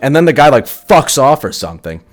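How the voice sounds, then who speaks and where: A man's voice: medium pitch, big pitch swings, brisk. Casual, swearing young man storyteller. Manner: casual, profane, full of likes. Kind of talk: storytime vlog.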